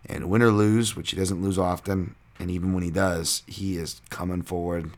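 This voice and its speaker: This podcast host has a deep, steady voice and a moderate pace as he analyzes fight outcomes in a casual chat. The talk meanders, peppered with fillers and profanity.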